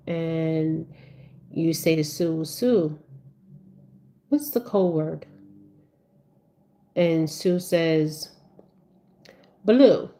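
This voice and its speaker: A woman's voice: low-pitched, vocal fry, mellow. A woman giving a rambling spiritual talk in a casual monologue, checking in with "okay?" again and again. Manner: rambling, repeats "okay?" often. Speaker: spiritual speaker.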